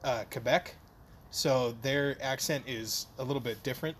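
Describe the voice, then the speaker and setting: A man's voice: medium pitch, moderate pace, fairly bright tone, a little hiss or hum. Eager man explaining, casual podcast. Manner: explains eagerly, repeats words as he goes. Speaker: podcast co-host. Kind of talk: casual chat.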